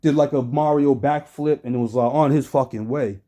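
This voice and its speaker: A man's voice: mid-range voice, normal speed. A man streaming, giving profane casual commentary full of slang and frequent laughter. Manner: animated, swears constantly, laughs often, slangy. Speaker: streamer reacting to a trial.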